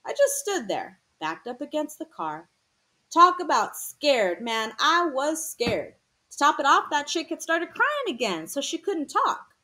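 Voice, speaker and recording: A woman's voice: high-pitched, very animated, unhurried, bright, forceful tone, voice pushed up, exaggerated voice. Woman voicing a scared, slangy teenage boy. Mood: tense. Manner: slangy, tense storytelling. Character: troubled teenage boy telling a painful story.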